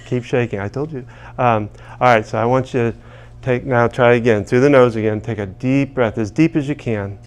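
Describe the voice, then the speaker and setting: A man's voice: mid-range voice, fairly even intonation, normal speed, clear, resonant tone. A man leading a live group through a tapping session, joking and calling out phrases for them to repeat. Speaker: tapping workshop leader.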